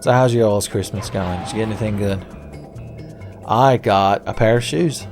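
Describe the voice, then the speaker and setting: A man's voice: fairly low pitch, normal speed, music in the background. Sarcastic, foul-mouthed gaming man. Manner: sarcastic, profane, rambling jokey asides. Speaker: gaming video host. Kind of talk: casual let's-play commentary.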